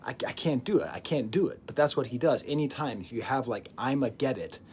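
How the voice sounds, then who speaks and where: A man talking through a record in a loose, chatty review, laughing often and sometimes dropping to a whisper for effect. His voice sits at an ordinary middle pitch, with a faint hiss of noise behind him. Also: fast talker. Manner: animated, digressive, laughs often, breaks into whispers. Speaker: music reviewer. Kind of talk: casual album review.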